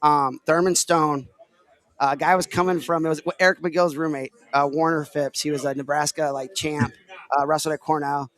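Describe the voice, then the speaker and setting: A man's voice: a little high, flat delivery, normal speed, fairly bright tone. A man from Illinois hosting a casual podcast, talking in a rambling, filler-heavy way. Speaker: podcast host. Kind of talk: casual chat.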